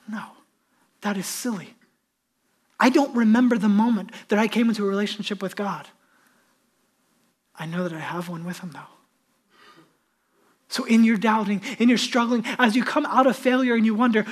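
A male pastor delivers a sermon in a relaxed, conversational tone. He is earnest and often turns to the congregation with direct questions. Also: sits high, normal speed, long pauses, husky.

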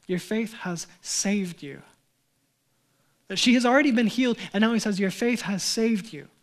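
Pastor guy preaching, pretty high voice, gets loud and punchy then goes quiet, repeats words a lot. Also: moderate pace. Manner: earnest preaching, swings from loud emphatic runs to soft low lines; restarts and repeats words as he speaks. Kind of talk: sermon.

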